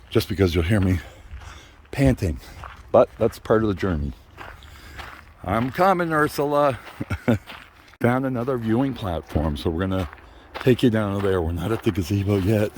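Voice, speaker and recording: A man's voice: low voice, moderate pace, dark tone, slight background noise. An older man vlogging casually on an outdoor park trail, out of breath and panting between phrases. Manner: chatty, panting between phrases, apologetic, laughs often. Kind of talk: casual walking vlog.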